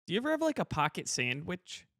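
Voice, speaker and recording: A man's voice: high-pitched, huge pitch swings, fairly bright tone, no room sound, studio quality. A young man co-hosting a comedy podcast, teasing his co-host in casual chat. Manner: teasing, quick to laugh.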